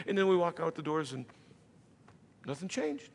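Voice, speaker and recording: A man preaching a sermon as pastor, conversational, slipping into quick voices of imagined listeners. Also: on the high side, gravelly. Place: church sanctuary. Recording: church hall with long reverb.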